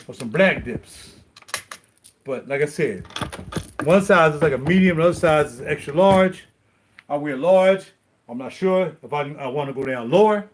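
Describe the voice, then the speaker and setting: A middle-aged man talks straight to his viewers in a loose live-stream chat. His voice sits a little high for a man. He rambles from one thought to the next as he goes. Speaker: vlogger.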